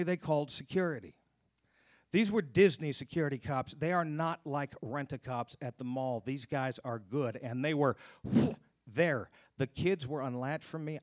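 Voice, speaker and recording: An earnest man tells a true story to a live audience, his mid-pitched voice sounding dry and close. He slows down and goes hushed and low when the story turns dark. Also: dry recording. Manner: earnest, drops to hushed low tones at grim moments. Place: stage at a live storytelling event.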